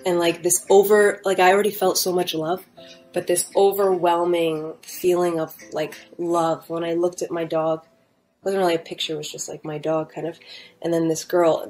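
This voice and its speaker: Young woman, casual testimony, rambling with fillers, low-ish voice, soft guitar underneath. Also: little pitch movement, normal speed, rough recording. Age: young adult. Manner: rambling, full of fillers and restarts. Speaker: storyteller sharing a near-death experience. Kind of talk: casual first-person testimony. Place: at home.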